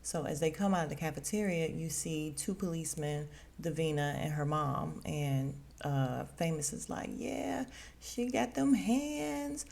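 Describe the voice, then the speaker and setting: Woman podcaster, low voice, lively casual recapper, quotes the characters with flair. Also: normal speed, hardly any pauses. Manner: animated retelling, voicing characters' lines. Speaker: podcast host.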